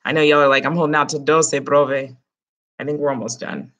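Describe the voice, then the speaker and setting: A woman's voice: deep voice, steady tone, brisk, a bit bright. A woman teaching Spanish grammar in an online class, explaining it step by step in a casual way.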